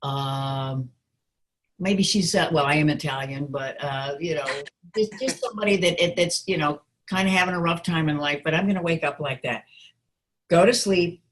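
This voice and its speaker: A woman voice actress and coach chatting casually in an interview, relaxed and playful, with plenty of fillers. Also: low voice, moderate pace, a little hiss or hum.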